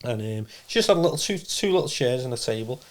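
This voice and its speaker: Speaking fast in a mid-range voice, this trance medium is a guest on a relaxed interview. His personal story wanders, and he brings it to life by performing the quoted lines.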